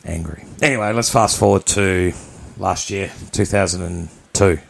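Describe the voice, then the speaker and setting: A man's voice: low-pitched, normal speed, vocal fry. A man from New Zealand, co-hosting a podcast, telling a personal story in a candid, blunt, rambling way. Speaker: podcast co-host.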